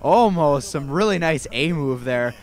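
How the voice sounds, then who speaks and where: A young man casting a video game match in an easygoing, rambling way. He often backtracks and corrects himself mid-sentence. His voice sits at an ordinary middle pitch. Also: a little fast. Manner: rambling, relaxed, self-correcting. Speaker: amateur esports caster. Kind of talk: casual play-by-play game commentary.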